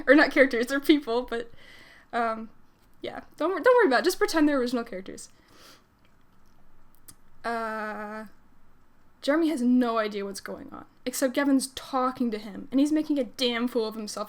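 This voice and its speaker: A woman's voice: fairly high pitch, lively intonation, normal speed. A woman streamer reading fanfiction aloud in a casual way, giggling and breaking off for chatty asides.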